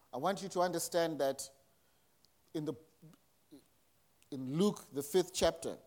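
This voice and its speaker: Male pastor, slightly high voice, chatty sermon delivery with acted-out quotes. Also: a little mellow. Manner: conversational preaching with acted quotes.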